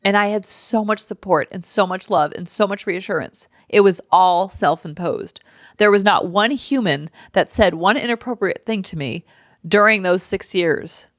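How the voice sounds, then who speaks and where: A woman in her thirties hosting a podcast, talking candidly and emotionally in a casual personal monologue with quick asides. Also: medium pitch, no echo, studio quality. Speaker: podcast host.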